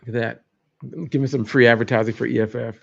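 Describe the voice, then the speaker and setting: Gravelly man hosting a loose livestream. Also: medium pitch, flat delivery, quick pace. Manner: loose, rambling and joking. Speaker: livestream host. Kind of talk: casual livestream chat. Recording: dull lo-fi stream audio.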